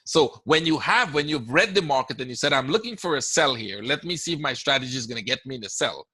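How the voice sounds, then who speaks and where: A man's voice: mid-range voice, expressive, fast, bright, forceful tone, slightly rough, no room sound. A man with a Guyanese accent, hosting a trading webinar in a conversational way, often checking in with "right?" as he answers questions. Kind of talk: live webinar Q&A talk.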